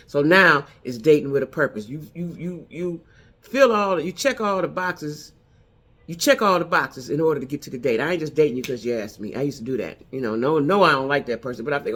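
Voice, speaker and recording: A woman's voice: low voice, animated, brisk, fairly bright tone. A middle-aged woman giving casual dating advice to other women, emphatic and repeating her key points for effect.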